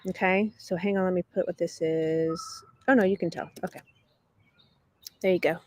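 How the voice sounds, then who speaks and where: A woman's voice: lowish voice, fairly even intonation, normal speed. A middle-aged woman hosting a live English lesson stream, chatty and reading viewer comments aloud, laughing often. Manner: laughs often between remarks. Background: dogs barking.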